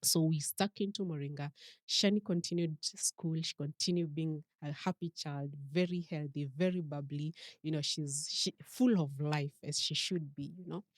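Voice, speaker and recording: A Kenyan woman with a low, deep-set voice tells a personal story as a podcast guest. She acts out the voices of the people she quotes. The sound is dry and close. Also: fairly even intonation, normal speed, no room sound. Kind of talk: storytelling interview.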